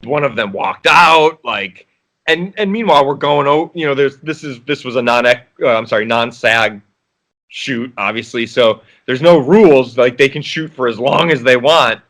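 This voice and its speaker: Man, actor guest, casual interview, bright voice, rambling, restarts, laughing. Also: mid-range voice, moderate pace.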